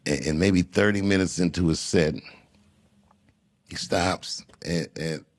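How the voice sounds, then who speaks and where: A man who is a comedian, telling a long story in an interview in an unhurried, musing way with frequent restarts. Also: deep voice, fairly even intonation. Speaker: comedian guest.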